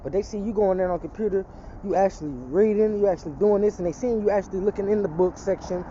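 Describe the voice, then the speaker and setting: A man's voice: high-pitched, fast talker, dark tone, lo-fi sound, a little hiss or hum. A man telling a personal testimony in casual street talk, rambling and profane, slipping into an emphatic preaching tone.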